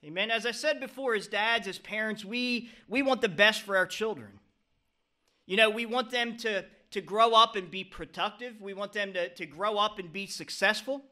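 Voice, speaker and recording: A middle-aged male pastor delivering a sermon, his voice high and bright. He preaches earnestly and keeps checking in with a questioning "Amen?" as he drives each point home. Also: normal speed. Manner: preaching with frequent "Amen?" calls to the congregation.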